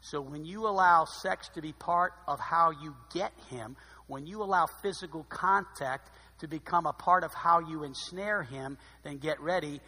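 A high, bright-voiced man preaches a sermon, swinging from hushed asides to loud, dramatic emphasis. His voice rings out with a long reverb in a large hall. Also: moderate pace, breathy edge.

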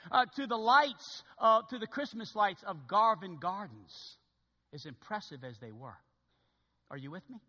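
Lively high-voiced male preacher. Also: big-room sound. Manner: animated preaching, swinging from loud to hushed. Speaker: pastor. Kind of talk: sermon. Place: church sanctuary.

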